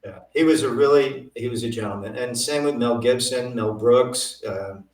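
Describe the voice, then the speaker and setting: An older man, a guest in an interview, telling lively anecdotes and acting out what others said. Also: medium pitch, moderate pace. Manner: animated anecdotes, acting out quoted voices. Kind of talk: storytelling interview. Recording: roomy, from a distance.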